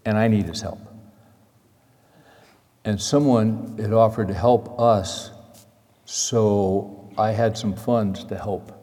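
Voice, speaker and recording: A middle-aged man tells a story from the pulpit in a low, mellow voice. His delivery is chatty and folksy, and he sounds worn out. His voice rings with the long reverb of a large hall. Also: steady tone, slow, pauses often. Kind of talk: sermon storytelling.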